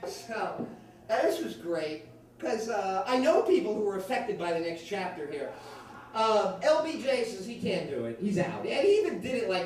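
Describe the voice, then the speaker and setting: A man's voice: high voice, moderate pace, far from the mic, a little hiss or hum. A man performing a rambling, profane stand-up comedy set on a club stage. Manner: profane, rambling, animated storytelling. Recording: echoey club recorded from afar.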